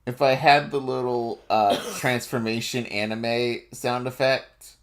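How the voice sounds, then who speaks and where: Slow, rambling male game master. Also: mid-range voice, fairly even intonation. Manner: slow, rambling descriptions with many fillers and laughs. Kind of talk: narrating a tabletop game.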